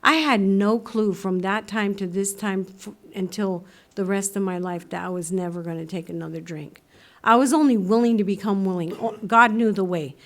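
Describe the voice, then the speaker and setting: A woman speaking at a recovery meeting, telling her story in a lively way, acting out voices and laughing often. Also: medium pitch, normal speed. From United States. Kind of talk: personal recovery talk. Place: meeting room.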